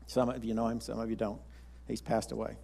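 A man's voice: fairly low pitch, completely flat delivery, a little fast, vocal fry, mellow. A man pastor, preaching a sermon in a folksy, rambling storytelling way with frequent restarts.

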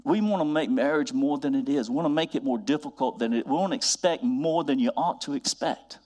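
A man preaching a sermon, building to emphatic repeated refrains and drawing out scripture quotes slowly. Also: medium pitch, a little mellow. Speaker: pastor.

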